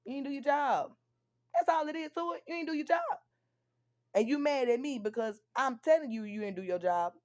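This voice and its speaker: A young woman venting on a live stream, profane and confrontational, going from tired and quiet to loud and angry. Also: fairly high pitch, animated, brisk. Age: young adult. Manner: drops to weary, quieter stretches. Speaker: livestreamer. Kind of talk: heated live-stream rant.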